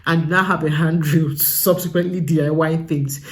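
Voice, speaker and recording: A woman's voice: deep voice, steady tone, moderate pace. A young adult woman with a Nigerian English accent, giving casual advice in a vlog and driving home her points with emphatic repetition. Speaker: vlogger.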